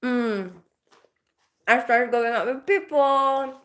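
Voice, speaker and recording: A woman's voice: a little high, slow pace, fairly bright tone. A middle-aged woman, a nurse, chatting casually on a livestream, giggling often and greeting viewers by name; she has just woken up after night shifts. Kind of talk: casual live-stream chat.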